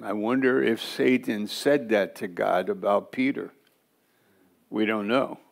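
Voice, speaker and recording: A man teaches a church Bible class at an unhurried, deliberate pace. His low voice has a gravelly edge, and he talks in a loose, conversational way that wanders into asides.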